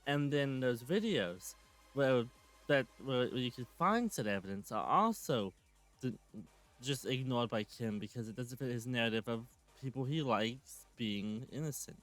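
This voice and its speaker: A man's voice: mid-range voice, expressive, a little slow, soft background music. A man in his twenties giving a sarcastic, swearing rant while commenting on clips. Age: 20s. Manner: sarcastic, ranting, swears often. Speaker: commentary channel host.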